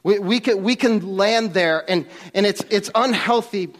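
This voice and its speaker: A man's voice: sits high, unhurried. A man preaching a sermon as pastor, emphatic and earnest, rising on key points and often restarting his words.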